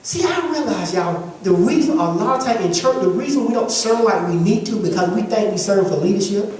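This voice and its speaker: A woman with a mid-range, darkish voice preaches briskly and animatedly to a congregation in a church sanctuary. Her delivery is emphatic and repetitive, built on call-and-response. The far-off recording carries the echo of the hall.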